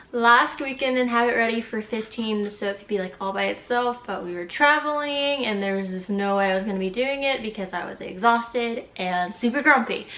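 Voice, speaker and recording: A woman's voice: mid-range voice, a bit bright. A woman in her twenties chatting casually and giggling in a pregnancy update vlog, a little out of breath. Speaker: vlogger. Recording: echoey room.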